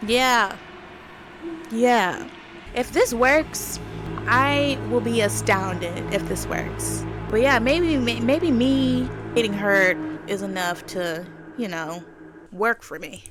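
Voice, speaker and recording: A woman gaming creator reads a horror game aloud and reacts to it nervously, talking to herself as she plays. Her voice sits slightly high. Loud music plays underneath. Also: slow. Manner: anxious, talks to herself. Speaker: gaming YouTuber.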